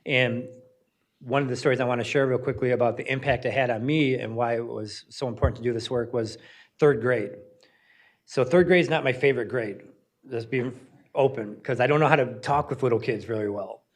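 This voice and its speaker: A middle-aged man from Northern Michigan tells a story in relaxed, off-the-cuff talk. He acts out both sides of the conversation and pads his lines with "you know" and "like." His voice sits at an ordinary middle pitch. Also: brisk. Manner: conversational, self-deprecating, acts out dialogue with fillers. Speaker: museum educator and panel host.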